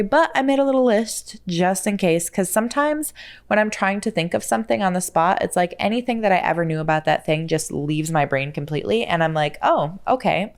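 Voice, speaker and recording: A woman's voice: medium pitch, clean tone. A woman hosting a casual solo podcast, chatty and self-deprecating, who stumbles over words and laughs at herself. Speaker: podcast host.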